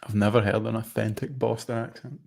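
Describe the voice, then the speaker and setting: A man's voice: lowish voice, level tone, fairly quick, vocal fry, darkish tone. A man chiming in with short, laid-back reactions during a casual chat with a friend. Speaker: co-host friend.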